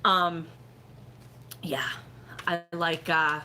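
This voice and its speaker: A woman's voice: mid-range voice, moderate pace, sharp tone, a little hiss or hum. A middle-aged woman chatting casually on a live stream, rambling with lots of "like" and "you know" as she gives fortune readings.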